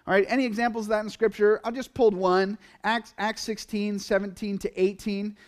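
High-voiced man preaching a conversational sermon. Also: brisk. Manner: conversational, animated, acts out quotes in asides. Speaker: pastor.

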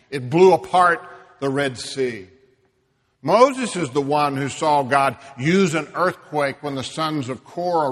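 A man preaching a sermon, emphatic, dropping to a hush and rising loud for stress. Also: medium pitch, in a large hall. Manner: slow, emphatic, swings between hushed and loud.

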